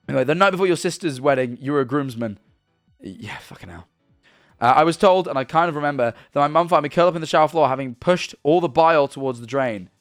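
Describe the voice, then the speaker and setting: Male streamer, twenties, casual and rambling, slightly higher pitch, dry close mic. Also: animated, fast talker, dry recording, faint music behind. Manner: rambling, stumbling tangents. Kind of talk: casual live-stream chat, reading viewer messages. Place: home streaming room.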